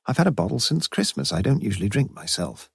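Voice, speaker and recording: Audiobook: a man playing an anxious, obliging landlady, pitched well up, hurried and fluttery. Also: big pitch swings, creaky, a bit bright, husky, no echo, clean studio sound, heavily acted. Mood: eager. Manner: flustered and eager to please. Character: fussy, anxious middle-aged landlady. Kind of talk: audiobook character voice.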